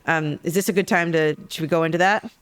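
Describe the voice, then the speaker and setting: A woman psychologist talking as a guest on a podcast interview, telling stories in a lively, joking way. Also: deep voice, quick pace, smooth. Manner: lively, jokey storytelling.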